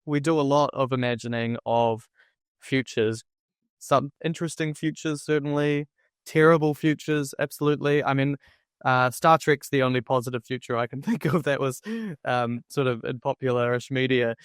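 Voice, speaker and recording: Reflective male podcast host, crisp voice. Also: medium pitch, fairly even intonation, moderate pace, dry recording, clean studio sound. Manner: reflective, musing. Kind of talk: conversational interview.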